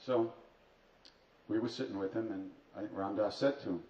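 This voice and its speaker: A man's voice: fairly low pitch, normal speed, warm tone. A man at a retreat telling humorous stories to an audience, with wry, dry asides and self-mocking humor. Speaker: spiritual teacher speaking at a retreat. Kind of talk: humorous storytelling talk to an audience. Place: retreat hall. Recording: distant, roomy, dull live hall recording with faint ambience.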